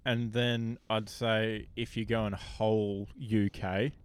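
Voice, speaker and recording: A man's voice: lowish voice, little pitch movement, slow, smooth. A man co-hosting a podcast in casual chat, laid-back and giving brief replies. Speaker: podcast co-host.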